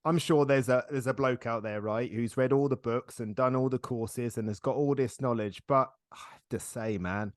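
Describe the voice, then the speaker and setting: A middle-aged man hosting a casual interview podcast, chatty and quick to laugh as he tells stories. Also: mid-range voice, no echo, clean studio sound. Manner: chatty, laughs often, storytelling. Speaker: podcast host.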